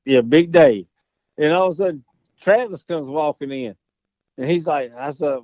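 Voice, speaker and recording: A man with a Southern accent tells a loud, swearing story between laughs. His voice sits a little high. The sound is dry and somewhat dull, like close podcast audio. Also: normal speed, no echo. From Florida. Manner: profane, laughing, drawling yarn-spinner. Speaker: podcast guest, golfer. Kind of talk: casual storytelling.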